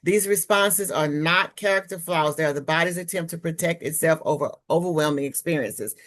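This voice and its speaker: A woman with a low, deep-set voice leads a webinar on trauma healing. She talks candidly and personally, drawing on her own experience, and her voice comes through a computer mic on a video call. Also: brisk, a bit bright. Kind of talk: webinar presentation.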